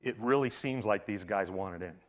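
In a church sanctuary, a male pastor preaches a sermon in a casual, conversational manner full of asides. His fairly low voice moves briskly, swinging between loud, emphatic passages and quiet, hushed ones.

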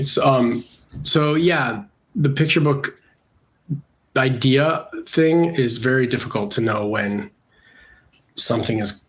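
A man's voice: medium pitch, fairly bright tone. A Canadian-born illustrator, a man with a congested voice from a cold, talking casually and hesitantly with many fillers in an interview. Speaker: illustrator guest.

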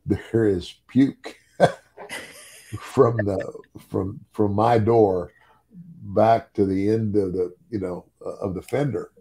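Low gravelly older man telling stories. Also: steady tone, slow, pauses often, dark tone. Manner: chuckles through his story, repeats words as he goes. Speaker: former professional wrestler. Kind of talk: casual storytelling.

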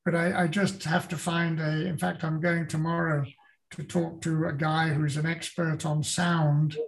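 This is an older man with a British English accent, talking in a casual interview. His voice sits fairly high for a man and has a gravelly edge. He rambles, repeats words and restarts his sentences as he thinks aloud. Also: level tone, measured pace. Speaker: author, guest.

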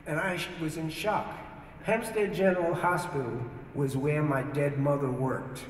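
A man shares his personal testimony with lively, animated storytelling and acts out the voices of the people in it. His voice sits high for a man. It comes from a video played in a big hall, so it sounds distant and echoey, with long reverb and a faint hum behind it. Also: normal speed.

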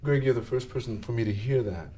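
A man's voice: mid-range voice, quick pace, warm tone. A middle-aged man hosting a podcast interview, chatty, who interjects often and laughs easily. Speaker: podcast host. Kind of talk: conversational interview.

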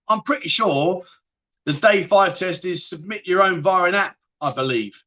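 A man's voice: sits high, lively intonation, normal speed, fairly bright tone. A man hosting a casual livestream, reading out viewer comments and bantering with a laugh. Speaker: livestream host.

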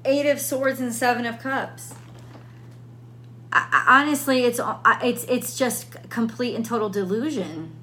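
A woman talks through a tarot reading in a bright, fairly high voice. She thinks aloud, repeats her questions and restarts her sentences. A faint hum sits under the recording. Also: a little slow. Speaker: tarot reader. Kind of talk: casual spoken tarot reading.

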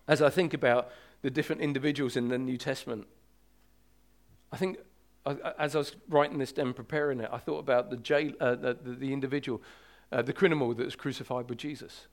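A man preaching a sermon as pastor, emphatic and urgent, slowing to draw out key words for weight. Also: mid-range voice, fairly even intonation.

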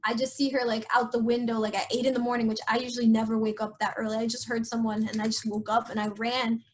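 A young woman with a high, light voice tells a personal story in loose, casual talk. She strings thoughts together with many fillers and restarts, and her voice sinks quiet and low when the memories turn sad. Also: little pitch movement, fast. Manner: frequent filler "like", trailing restarts; voice drops low and soft in sad moments. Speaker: guest sharing a personal story.

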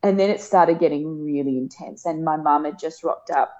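A woman, telling a personal story in a casual chat, emotional and laughing often, acting out quoted lines in a higher voice. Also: moderate pace, darkish tone. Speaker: guest. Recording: dull lo-fi podcast sound.

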